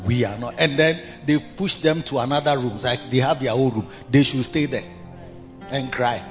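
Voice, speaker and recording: An older man with a Ghanaian accent preaching a sermon in an animated way, bursting into shouts and slipping in local phrases. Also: medium pitch, normal speed. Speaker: pastor. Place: large cathedral hall. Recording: dull reverberant hall with music.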